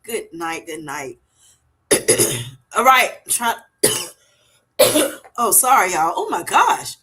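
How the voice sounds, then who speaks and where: A woman's voice: fairly low pitch, lively intonation, very slow, sharp tone, slight background noise. A woman hosting a casual livestream, chatty, filling her talk with "you know" and "y'all" as she reads viewer comments aloud. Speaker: livestream host.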